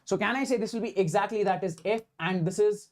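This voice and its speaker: With a high-pitched voice and a fast delivery, this Indian physics teacher leads an online class for students preparing for exams. Key phrases get repeated forcefully so everyone keeps up with every step, and Hindi slips into his English as he tackles the problems.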